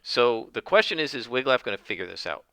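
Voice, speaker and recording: Solo game narrator, man, very bright and crisp voice, dry close mic, thinks aloud. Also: medium pitch, very animated, fairly quick, dry recording. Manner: thinks aloud, with many fillers.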